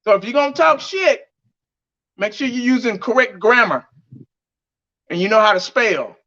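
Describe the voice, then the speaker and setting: A man's voice: extremely high pitch, expressive, moderate pace, pushed and bright. A man giving blunt, heated fan commentary on his vlog, laughing mockingly as he rants. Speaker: fan vlogger. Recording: dull lo-fi audio.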